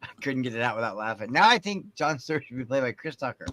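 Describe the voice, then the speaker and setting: Lively, bright-voiced man hosting a panel. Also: medium pitch, fast talker, slight background noise. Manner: animated, profane, laughs often. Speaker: podcast host. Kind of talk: casual panel chat.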